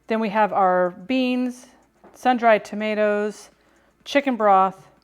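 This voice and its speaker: A woman cooking live on stream from her home kitchen, wearing a clip-on mic, greeting viewers brightly and rambling with restarts. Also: medium pitch, slow, clean tone. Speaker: food and drink streamer.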